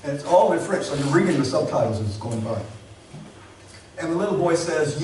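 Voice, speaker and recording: A man pastor preaches in an earnest, measured way, leaning on pauses for emphasis. His somewhat high voice is picked up from a distance. It rings through a very echoey church hall with a faint hiss behind it. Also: lively intonation, a little mellow. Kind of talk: sermon. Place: church sanctuary.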